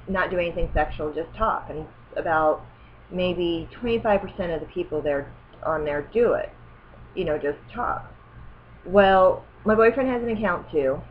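A woman's voice: fairly low pitch, dull audio, slight background noise. A woman in her thirties telling a personal story as a vlogger, rambling, correcting herself and growing indignant. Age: 30s.

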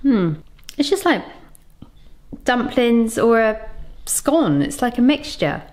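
A woman tastes a dish and weighs it up in a slow, thoughtful way. Her voice is high and her words come unhurried. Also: big pitch swings, darkish tone. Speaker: taste tester.

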